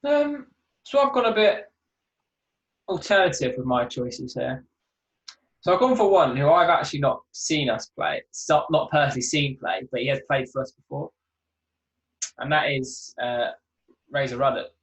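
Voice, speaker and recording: A man's voice: on the high side, expressive, normal speed, long pauses, rough recording. A man co-hosting a casual football chat, hesitant with fillers but playful. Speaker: podcast co-host.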